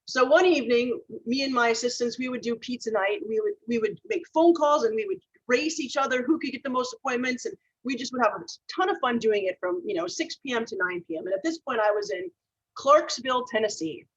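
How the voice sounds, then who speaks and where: A woman's voice: a little high, fairly quick, breathy edge, muffled recording. A woman speaker from Minnesota giving a motivational talk, telling personal stories earnestly and laughing at her own mistakes. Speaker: keynote speaker.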